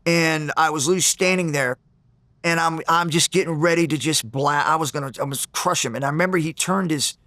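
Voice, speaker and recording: A man being interviewed, retelling an old grudge in an intense, animated way with many restarts. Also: fairly high pitch, a little fast, no room sound. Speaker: interview guest, former fighter. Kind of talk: storytelling in a sit-down interview.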